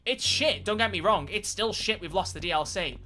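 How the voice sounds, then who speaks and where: A man chatting casually on a live stream while playing a game, animated and quick to swear. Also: high-pitched.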